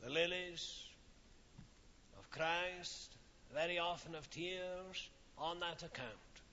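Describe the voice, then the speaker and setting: A man with a high, very bright voice preaches a sermon slowly and deliberately, his phrases carrying solemn weight and trailing into quiet pauses. The recording is old and lo-fi, with a long hall reverb and slight background noise.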